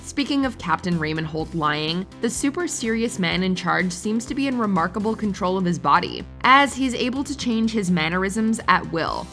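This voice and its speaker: A woman's voice: medium pitch, animated, moderate pace, hardly any pauses, a bit bright, soft background music. A woman narrating a countdown video in a scripted, upbeat and wry voice-over.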